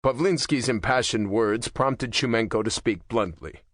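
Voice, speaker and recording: A man reading a thriller audiobook in a measured storytelling voice. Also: mid-range voice, fairly bright tone, no room sound, studio quality. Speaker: audiobook narrator. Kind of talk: scripted narration.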